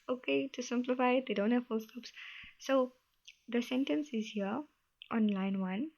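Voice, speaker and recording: Young female study host, casual explainer, a touch high, muffled home recording. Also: normal speed, a little mellow. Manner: chatty, loose, repeats herself while explaining.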